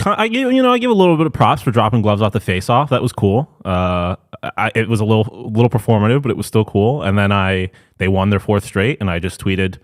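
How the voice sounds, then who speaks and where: A man's voice: on the low side, expressive, a little fast, few pauses. A man co-hosting a hockey podcast, making dry, laid-back remarks. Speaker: podcast co-host. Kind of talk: casual hockey chat.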